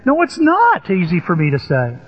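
A man's voice: high voice, wildly swooping pitch, moderate pace, breathy edge. An older man preaching a sermon, telling stories animatedly with sudden rises in his voice. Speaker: pastor. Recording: echoey hall, dull lo-fi sound.

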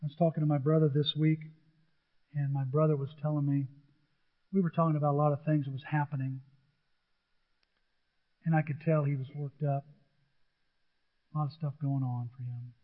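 A man's voice: on the high side, flat delivery, moderate pace, pauses often. A middle-aged man preaching a sermon, earnest and emphatic, often repeating his point. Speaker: pastor. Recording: tinny phone-like sound.

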